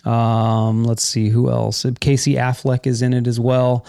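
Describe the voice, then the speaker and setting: A man's voice: medium pitch, completely flat delivery, unhurried, creaky, mellow, smooth, dry recording, clean studio sound. A man hosting a podcast in casual chat, rambling and correcting himself with enthusiasm. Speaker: podcast host.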